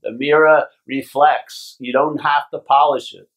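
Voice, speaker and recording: A man's voice: fairly high pitch, fairly even intonation, a little slow, fairly bright tone. A man from Long Island, a spiritual teacher giving a casual, blunt talk to a retreat group, swearing now and then and often checking with "yeah?". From Long Island, New York. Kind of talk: talk to a retreat group, reading passages aloud. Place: retreat gathering.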